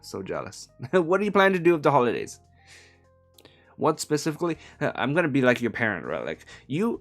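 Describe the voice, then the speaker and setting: A man from Hong Kong keeps up brisk, casual chatter on a live translation stream, wandering in his talk and fixing his own words. He chuckles a lot, his pitch rises and falls animatedly, and gentle guitar plays quietly behind him.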